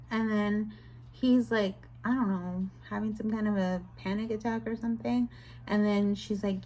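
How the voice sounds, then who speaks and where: A young woman chatting casually in a book review vlog, retelling scenes with animated, exasperated commentary. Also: fairly high pitch, measured pace. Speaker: book vlogger.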